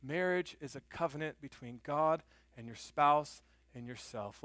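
Bright-voiced pastor preaching. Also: male voice, a little high, a little slow, no room sound, soft background music. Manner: animated storytelling, rising loud on emphasis; soft and hushed when praying. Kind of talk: sermon.

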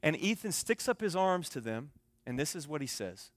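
A young man preaching a sermon, telling a story and swinging between soft, quiet passages and loud, emphatic ones. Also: fairly high pitch, big pitch swings, normal speed, no room sound. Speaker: pastor.

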